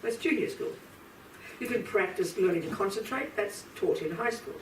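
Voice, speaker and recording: Woman teacher addressing a room, direct and forceful; roomy, distant mic. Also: mid-range voice, animated, normal speed, noisy background. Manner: blunt, emphatic, talks straight to listeners. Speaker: Buddhist teacher. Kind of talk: live dharma lecture to an audience. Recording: roomy hall from a distance, faint ambience.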